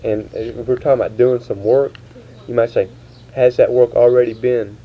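A man interviewing, asking grammar questions in a halting way, restarting often. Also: mid-range voice, fairly even intonation. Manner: halting, restarts, slow quoted prompts. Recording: dull lo-fi tape with faint hiss.

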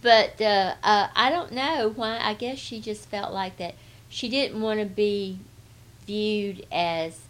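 In a relaxed oral-history interview, a Southern-accented woman from Atlanta, Georgia answers questions slowly at a medium pitch. She rambles, hesitates, and restarts often.

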